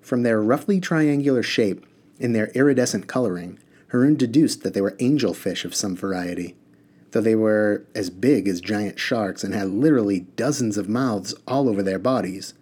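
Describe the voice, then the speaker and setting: Husky, low-voiced man reading a story. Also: normal speed. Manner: steady storytelling, casual asides. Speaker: reader. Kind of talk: reading a children's novel aloud.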